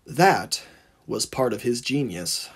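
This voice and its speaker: Husky, lively male storyteller. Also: medium pitch, slow. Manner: dramatic, swooping narration. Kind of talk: reading his own fan-fiction story aloud.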